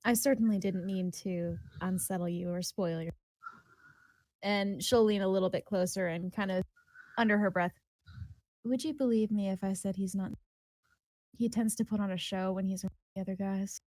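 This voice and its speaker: A woman's voice: medium pitch, steady tone, moderate pace, dark tone, no room sound, close to an everyday voice, low-quality recording. A woman playing a polite, wry bodyguard. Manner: polite, confiding.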